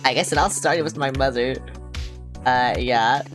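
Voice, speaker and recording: A lonely, awkward man calls a hotline and rambles sheepishly about his troubles, read aloud by a woman with a low voice. The lines come hesitant and a little fast. Faint game music sits underneath.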